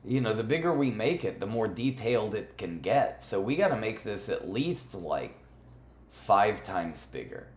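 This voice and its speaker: A man's voice: on the low side, very animated, a little slow, darkish tone. A man livestreaming a game, chatting playfully and teasing his viewers. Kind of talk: casual gaming livestream chat. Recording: roomy echo with faint music.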